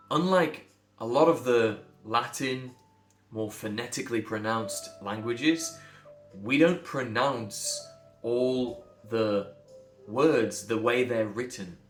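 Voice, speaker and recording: A man teaches pronunciation in a patient, explanatory way, spelling words out letter by letter and modelling each sound. His voice sits at an ordinary middle pitch. The room rings around him, with faint music underneath. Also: fairly bright tone, echoey room. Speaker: accent coach. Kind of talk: instructional talk to camera.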